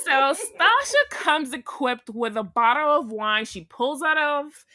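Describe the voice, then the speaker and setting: A woman's voice: high-pitched, very animated, takes it slowly, a crowd in the background. A woman co-hosting a podcast, chatting casually and animatedly, swearing freely and laughing often. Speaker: podcast co-host. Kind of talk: casual recap chat.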